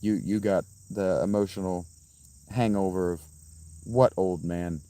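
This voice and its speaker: A man livestreaming outdoors and answering his chat in a profane, combative, quick-tempered way. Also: deep voice, fairly even intonation, dark tone, dry recording. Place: outdoors by a fountain.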